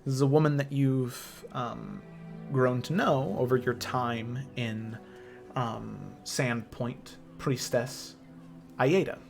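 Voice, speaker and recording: A man narrates a tabletop game as game master, painting scenes unhurriedly and pausing on frequent fillers. His voice sits at a middle pitch. Faint music plays underneath. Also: fairly even intonation, creaky. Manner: descriptive, unhurried, many fillers.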